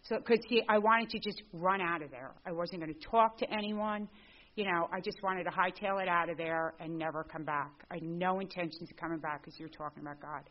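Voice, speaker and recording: A middle-aged woman telling her recovery story to a group. She is a lively storyteller who acts out the dialogue. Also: on the low side, brisk. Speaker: speaker at a recovery meeting. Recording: dull lo-fi recording.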